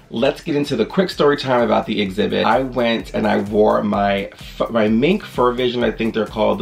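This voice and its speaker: Brief: male vlogger, gravelly, animated casual storyteller, faint music behind. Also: lowish voice. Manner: chatty, animated storytelling with acted-out quotes.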